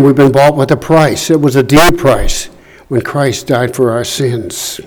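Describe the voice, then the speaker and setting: Slow, deliberate man preaching. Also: fairly high pitch, poor audio. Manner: slow, deliberate, reading scripture aloud. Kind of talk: sermon. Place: church room.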